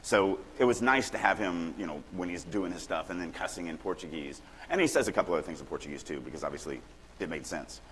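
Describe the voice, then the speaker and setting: A middle-aged man from Louisiana teaches a room of writers in a loose, lively way, dropping into quick acted-out lines to make a point. His voice sits fairly low and carries the long ring of a large hall, with faint room noise underneath. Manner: casual, animated, acts out quoted lines. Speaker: writing workshop speaker. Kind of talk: conference talk on craft. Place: conference hall.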